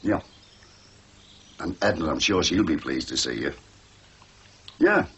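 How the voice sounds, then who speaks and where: A man's voice: lowish voice, fairly bright tone, husky, heavily acted. An actor playing a grumpy older man, muttering at a machine he can't work. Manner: grumbling, exasperated muttering. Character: grumpy old man fighting a washing machine. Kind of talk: 1980s TV soap acting.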